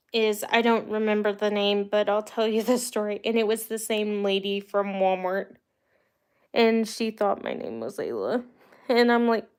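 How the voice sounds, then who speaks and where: Telling meandering stories about her own life to live viewers, this young woman from the US keeps her livestream chatty and relaxed, with an occasional laugh. She has a fairly high, slightly mellow voice that sounds clear and resonant.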